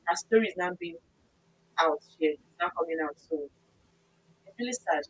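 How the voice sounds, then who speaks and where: A woman's voice: fairly low pitch, moderate pace, slightly rough, poor audio. A woman co-hosting a talk show, recounting stories earnestly. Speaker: co-host.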